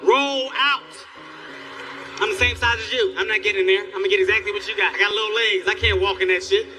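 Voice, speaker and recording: A man in his forties performing a stand-up comedy routine, telling loud, animated stories with sudden shouted outbursts. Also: sits high, racing, recorded from a distance, a little hiss or hum. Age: 40s. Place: live comedy stage.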